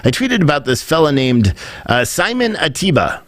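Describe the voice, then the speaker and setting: A man's voice: on the high side, big pitch swings, moderate pace, no room sound. A man hosting a podcast, giving rambling, opinionated commentary and mimicking other people when he quotes them. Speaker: podcast host.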